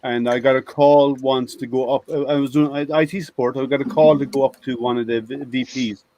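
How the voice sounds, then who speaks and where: A software company's IT product manager chats with friends over a video call, wandering through work anecdotes and frequently starting over. He speaks fairly quickly in a warm, steady, medium-pitched voice.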